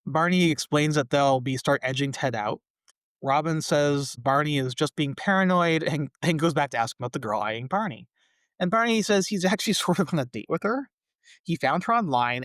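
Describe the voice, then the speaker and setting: A man's voice: fairly high pitch, no echo, clean studio sound. Chatty man recapping a sitcom. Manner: relaxed, chatty recap with fillers. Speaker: podcast co-host.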